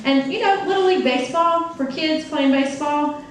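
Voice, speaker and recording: A woman interpreter voicing a deaf storyteller on stage for a live audience. She talks in an animated, playful way. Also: high voice, fairly quick, distant mic, a little hiss or hum. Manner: animated, playful, acts out quoted characters. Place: large room before a live audience. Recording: very echoey hall, picked up from afar.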